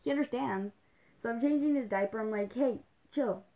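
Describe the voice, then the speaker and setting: A young woman hosting a livestream in loose, chatty talk, her voice fairly high and full of gravelly vocal fry. She rambles along with plenty of "like"s and drops in a Spanish phrase here and there. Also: a little fast, warm tone. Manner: chatty, rambling, with many "like"s and little laughs. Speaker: livestream host. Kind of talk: casual chat.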